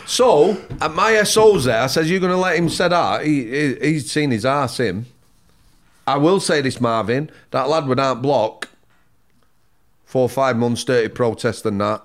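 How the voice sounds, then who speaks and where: A man, a former prison officer, talks plainly in casual conversation. His voice sits at an ordinary middle pitch. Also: a little slow. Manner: plain-spoken, dialect grammar. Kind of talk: casual chat.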